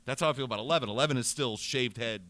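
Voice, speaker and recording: A man co-hosting a podcast in casual chat, rambling and excitable, often restarting his sentences. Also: mid-range voice, racing, no echo. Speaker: podcast co-host.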